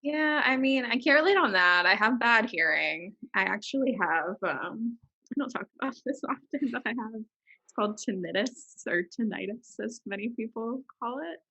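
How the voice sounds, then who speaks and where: A woman with a bright, husky voice chats casually as a podcast host. She rambles, restarts her sentences and often lets her voice drop softer. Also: a little high, animated, normal speed, dull audio. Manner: rambling, self-interrupting, drops softer. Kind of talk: casual chat.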